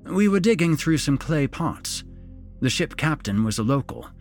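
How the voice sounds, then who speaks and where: An eerily calm, falsely cheerful father in a storybook, pitched somewhat high and a touch loud, as a male narrator plays him. He speaks with smooth, robotic insistence and lively swings of pitch. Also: normal speed, soft background music. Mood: evasive. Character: strange middle-aged father, evasive, falsely cheerful.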